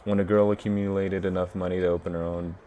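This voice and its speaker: A man's voice: sits low, flat delivery, fast, mellow, slight background noise, lightly acted. A man voicing a composed, guarded but playful woman who runs a bar, read aloud from a game.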